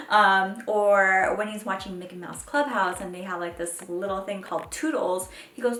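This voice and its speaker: Chatty young mom vlogger, echoey room. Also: female voice, fairly bright tone. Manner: chatty, fills speech with "like" and "um"; quick pitch jumps when mimicking her kids. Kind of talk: casual chat to camera. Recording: echoey home room, faint background noise.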